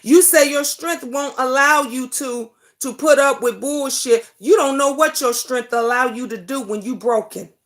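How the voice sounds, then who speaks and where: Her voice is high and unhurried, with hardly any pauses, as she hosts a livestream talk show. She's fervent and foul-mouthed, addressing viewers by name and pounding on repeated rhetorical questions in an impassioned, casual style.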